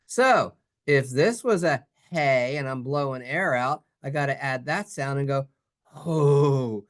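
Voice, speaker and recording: A teacher in a synagogue classroom walks a class through Hebrew vowel sounds at an unhurried pace. The delivery is playful and sing-song, with the letter sounds acted out as little characters. The pitch sits in the middle range. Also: animated. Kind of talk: classroom reading lesson.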